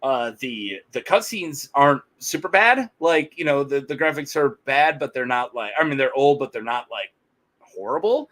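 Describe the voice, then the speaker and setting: A man's voice: mid-range voice, lively intonation, moderate pace, a bit bright, rough recording. A man co-hosting a podcast, chatting casually, rambling with frequent laughter. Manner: rambling, laughs often, quotes characters in playful voices. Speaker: podcast co-host. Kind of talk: casual chat.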